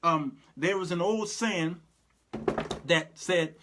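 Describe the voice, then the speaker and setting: A man's voice: slow, pauses often, noisy background. A middle-aged man, hosting a casual livestream commentary show and talking straight to his viewers. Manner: animated, talks to viewers directly, drops to low mumbles. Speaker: show host.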